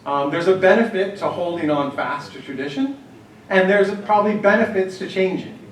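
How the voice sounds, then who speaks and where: A man's voice: sits high, moderate pace, slight background noise. Man telling stories in an echoey hall. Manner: anecdotal, conversational, with frequent fillers and restarts. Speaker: workshop speaker on church planning. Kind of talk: storytelling talk to a live group. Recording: echoey hall, distant mic, faint ambience.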